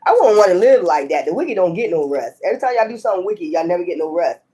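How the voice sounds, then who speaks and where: A woman's voice: on the low side, very animated, fast, mellow. A woman giving a casual tarot reading, talking in a blunt, profane, scolding way and laughing often. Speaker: tarot reader.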